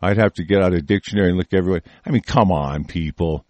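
A man's voice: low voice, quick pace, a little mellow, no echo. A man ranting angrily with heavy profanity, rambling and restarting his sentences.

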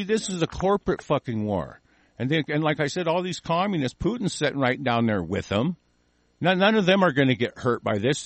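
A man's voice: a little high, a bit bright, dry recording. A man hosting a call-in show, delivering an angry, profane political rant in heated bursts.

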